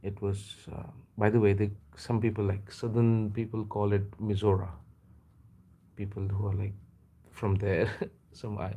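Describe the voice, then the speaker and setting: A man from India chats his way through a casual live stream in a low, husky voice. He rambles from one thought to the next, stopping often to hesitate and correct himself. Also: little pitch movement, moderate pace, warm tone. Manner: rambling, chatty, frequent hesitations and self-corrections. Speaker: livestream host.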